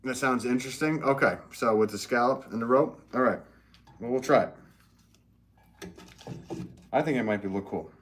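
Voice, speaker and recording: A man's voice: medium pitch, normal speed, long pauses, fairly bright tone. A man hosting a pottery live stream, chatting casually and rambling to viewers while he works at the wheel in his studio.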